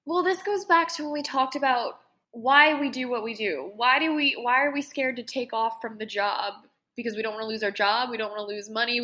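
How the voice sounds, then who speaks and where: Woman in her late twenties, bright tone, slightly high voice, rambling podcast chat. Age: late 20s. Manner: emotional, rambling storytelling. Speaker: podcast co-host. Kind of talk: casual chat.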